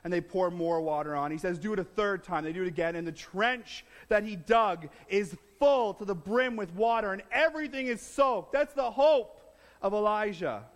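Animated high-voiced male preacher. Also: normal speed. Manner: animated, dramatic retelling, swings between loud and hushed. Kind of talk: sermon with storytelling. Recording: long hall reverb.

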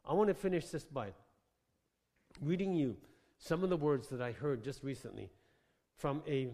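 A man preaching a sermon with passion, moving between quiet reading and loud declarations. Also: mid-range voice, lively intonation, normal speed. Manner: impassioned, swings from quiet to shouting. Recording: long hall reverb.

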